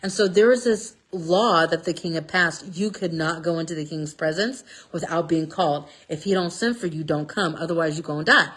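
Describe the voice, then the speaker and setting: A woman telling a Bible story in a casual, lively way, often checking in with "okay?". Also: sits low, normal speed, few pauses, husky. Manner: lively, chatty, stresses words with "okay?". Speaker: speaker sharing a Bible passage. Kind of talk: casual storytelling talk about scripture.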